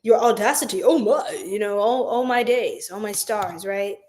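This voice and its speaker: A woman hosts a casual tarot card reading on a livestream, speaking into her phone with a medium-pitched, darkish voice at a moderate pace. She's chatty, uses lots of fillers, and calls her viewers "y'all." The recording is rough.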